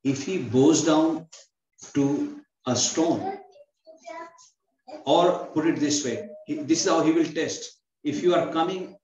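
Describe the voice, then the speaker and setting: A man's voice: a little high, slow, long pauses, a little mellow, echoey room, dull audio. A man giving a scripture class, telling a story and acting out each character's lines. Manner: acts out dialogue in storytelling. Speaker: temple class speaker.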